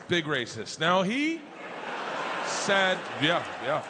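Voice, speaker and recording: Middle-aged male stand-up, raised voice, crude and animated, live room noise. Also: a little high, moderate pace, a loud crowd. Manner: loud, crude, animated storytelling with bursts of shouting. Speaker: stand-up comedian. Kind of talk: stand-up storytelling. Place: comedy stage before an audience. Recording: live stage recording with background noise.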